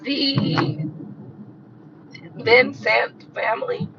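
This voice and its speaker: A woman hosting a live stream who rants bluntly and profanely and repeats herself for emphasis, her voice hoarse and coughing from a cold. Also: a little high, moderate pace, lo-fi sound, noisy background. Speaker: tarot reader hosting a livestream.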